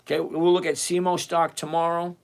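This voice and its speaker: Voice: mid-range voice, a little fast, gravelly. Chatty options-trading livestream host. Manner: animated, repetitive, chatty and direct. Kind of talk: live stream, reading out and answering chat questions.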